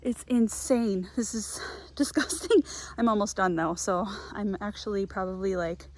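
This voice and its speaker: A woman's voice: medium pitch, a little slow. A young woman chatting to her handheld camera outdoors in humid woods, giggly and self-deprecating, out of breath. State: out of breath and sweaty. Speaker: foraging vlogger. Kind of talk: casual vlog talk to camera.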